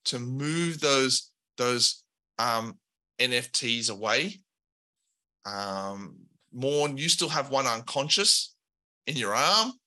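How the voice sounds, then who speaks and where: Bright-voiced male game master. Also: mid-range voice, slow. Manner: descriptive, relaxed, with filler words. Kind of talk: narrating a tabletop game.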